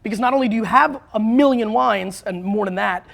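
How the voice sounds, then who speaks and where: A man guest in a studio interview, an author and marketer who talks bluntly and excitably, with quick restarts. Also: high voice, creaky. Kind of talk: animated interview talk.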